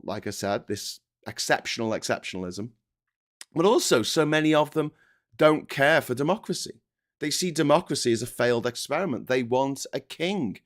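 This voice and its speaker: A man hosting a political commentary monologue, ranting with passion and repeating himself. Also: on the high side. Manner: impassioned, repetitive, ranting. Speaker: host.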